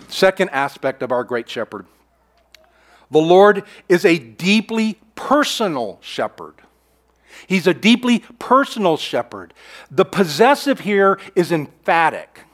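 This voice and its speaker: High-voiced earnest man preaching. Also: big pitch swings, unhurried. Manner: earnest preaching, rising to emphatic declarations and dropping to hushed confessions; repeats phrases and restarts mid-sentence. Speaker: pastor. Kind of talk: sermon.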